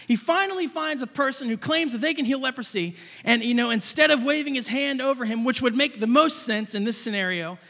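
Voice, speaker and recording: A man's voice: very high-pitched, creaky, bright, forceful tone. A man preaching a sermon as pastor in a casual, conversational way, asking repeated questions. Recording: long reverb of a hall.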